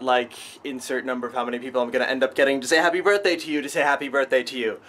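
A man's voice: medium pitch, roomy sound, a little hiss or hum. A young man in college, vlogging casually and narrating a voiceover with wry, jokey asides. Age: young adult.

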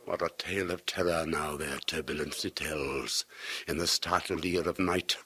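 A man performs a dramatic literary reading in a bright, forceful voice. His diction is crisp and precise with a rolling rhythm. He swings between hushed murmurs and loud, declaiming passages. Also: rumbling low, steady tone, normal speed. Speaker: reader of classic verse and tales.

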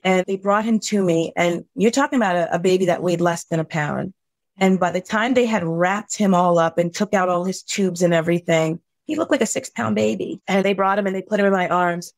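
A middle-aged woman guesting on a podcast tells a painful personal story earnestly and from the heart, halting at the hardest moments. Her voice is mid-range and the recording is dry.

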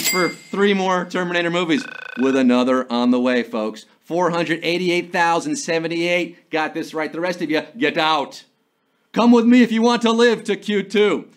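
A man hosting a live trivia game show, reading questions with playful jokes and theatrical asides. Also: fairly high pitch. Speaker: quiz show host.

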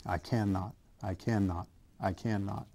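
A man voicing a tired, rusty old male engine in a storybook, speaking softly with sighs. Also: lowish voice, steady tone, normal speed, creaky. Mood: weary. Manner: soft, tired and sighing.

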